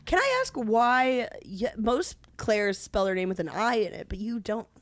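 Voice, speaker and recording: Woman cohost, giggly and teasing, kinda high voice, dry mic. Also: expressive, unhurried, no echo. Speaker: podcast co-host. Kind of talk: casual comedic chat.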